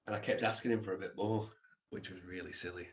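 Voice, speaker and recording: A man live streaming, telling a reflective story in a soft, halting way with many pauses. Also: low voice, steady tone.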